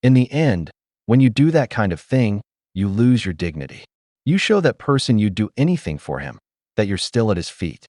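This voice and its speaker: A man's voice: fairly low pitch, a little mellow, no room sound, studio quality. A man hosting a commentary video, blunt and opinionated in his reactions. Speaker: commentary host.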